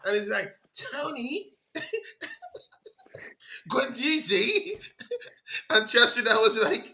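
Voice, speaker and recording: A man hosting a casual live watch-along, trading teasing banter and laughing often. His voice sits a little high and sounds bright. A faint hiss runs underneath. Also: flat delivery, normal speed. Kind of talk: casual live-stream chat.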